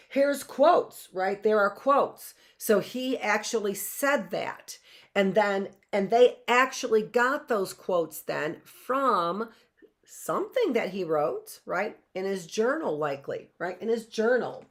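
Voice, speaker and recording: A woman teacher reading a history book aloud to a live online class, breaking off to think out loud and checking in with "right?". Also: mid-range voice, expressive, slow pace. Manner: chatty, thinks aloud, often asks "right?".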